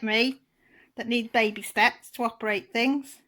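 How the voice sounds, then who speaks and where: A woman's voice: a little high, steady tone, unhurried, fairly bright tone. A woman vlogger, chatting casually while unboxing, gushing and near tears.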